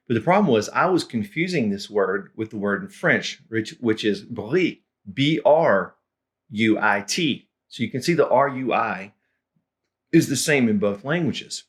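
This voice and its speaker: A middle-aged man, a language tutor, telling funny stories from his learning in a relaxed, chuckling way and clearing his throat now and then. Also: lowish voice. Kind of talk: anecdotal lesson storytelling.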